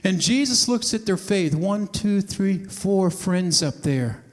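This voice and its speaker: A man's voice: sits high, animated, takes it slowly, in a large hall. A man preaching a sermon, retelling a scene as a story and acting out the voices of the people in it. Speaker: pastor.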